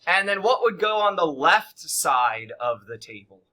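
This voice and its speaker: A man's voice: fairly high pitch, very animated, unhurried, sharp tone. A man teaching a middle school math class, quizzing students in an upbeat, coaxing way. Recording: echoey classroom from far off.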